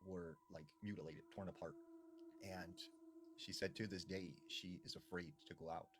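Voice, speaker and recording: A man telling a creepy folk legend in a hushed, dramatic way, often filling with "you know". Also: low voice, fairly even intonation, normal speed, noisy background. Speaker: storyteller. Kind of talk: spooky storytelling.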